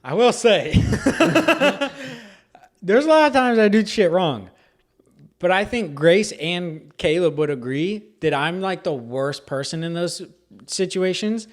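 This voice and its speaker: A man's voice: high voice, expressive, slow. A man co-hosting a podcast, chatting casually and laughing often as he talks. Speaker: podcast co-host. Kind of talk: casual chat.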